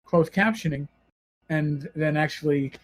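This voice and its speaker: A man's voice: a little high, unhurried, low-quality recording. A man with a New York accent hosting a podcast, chatting in a rambling, self-correcting way. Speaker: podcast host. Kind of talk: casual podcast chat.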